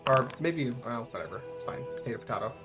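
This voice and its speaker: A man's voice: medium pitch, expressive, fast, music in the background. A man narrating a tabletop game as game master, in loose, rambling sentences full of fillers.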